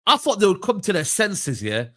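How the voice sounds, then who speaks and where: A man's voice: high-pitched, sing-song, normal speed, fairly bright tone. A man ranting in a heated reaction stream, full of slang and repeated outbursts. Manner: ranting, slangy, repeats "bro" and "are you mad".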